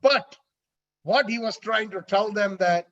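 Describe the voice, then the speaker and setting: High-voiced man telling a devotional story. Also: steady tone, moderate pace, a bit bright. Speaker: religious storyteller. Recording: dull lo-fi with faint music.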